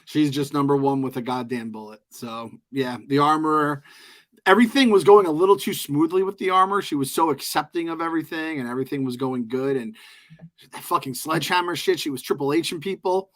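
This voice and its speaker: A man's voice: a little high, fairly quick, fairly bright tone. A man co-hosting a podcast, chatting loosely about a TV episode, joking and swearing often. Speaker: podcast co-host. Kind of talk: casual show recap chat.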